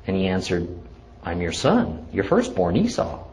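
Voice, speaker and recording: A man teaching a Bible lesson, reading the scripture verse by verse in a measured, deliberate way before explaining it. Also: sits low, wildly swooping pitch, darkish tone, low-quality recording.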